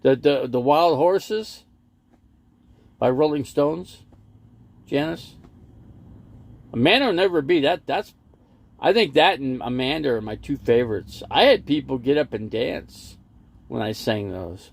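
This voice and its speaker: Chatty gravelly-voiced man on a live stream. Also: medium pitch, animated, a little slow, long pauses. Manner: rambling, chatty, jumps between topics and viewer comments. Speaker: livestream host. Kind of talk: casual live stream chat, reading comments aloud. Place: inside an RV parked in a lot.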